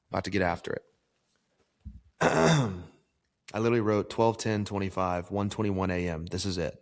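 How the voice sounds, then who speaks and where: A low-pitched man talks straight to his listeners, coaching them through a life-planning exercise. He sounds earnest and pushes hard, dropping a swear word now and then for emphasis. His voice rings with a long reverb. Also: vocal fry, a little mellow. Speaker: podcast host. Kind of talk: solo motivational podcast talk.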